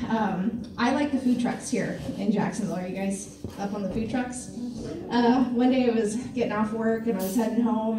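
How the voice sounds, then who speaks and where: A woman from Missouri doing a stand-up comedy set on a club stage, with a dry, self-deprecating delivery full of pauses and fillers. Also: mid-range voice, noisy background. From Missouri, USA. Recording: echoey club room, mic from a distance, faint ambience.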